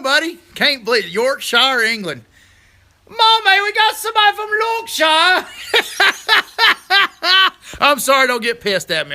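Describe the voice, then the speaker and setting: A man hosting a casual livestream outdoors, reading viewer comments aloud, rambling and teasing with bursts of loud laughter. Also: sits high, smooth. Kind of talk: casual live chat.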